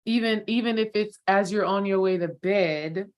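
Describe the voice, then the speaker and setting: A woman's voice: mid-range voice, normal speed. A woman healing coach giving a spiritual coaching talk, encouraging and affirming her course members. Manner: encouraging, affirming listener with soft "mm" and "yep".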